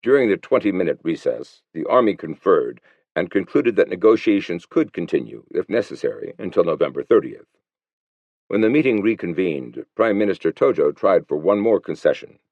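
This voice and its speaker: Deep-voiced man narrating an audiobook. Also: very animated, normal speed, a little mellow, no echo. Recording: slightly muffled dry recording.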